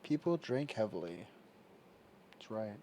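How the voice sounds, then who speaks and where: A man hosting a livestream, chatting casually with viewers and reacting slowly to their messages. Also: on the low side, expressive, mellow, a little hiss or hum. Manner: slow, drawling, reacting to chat messages. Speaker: livestream host. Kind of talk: casual chat with live viewers.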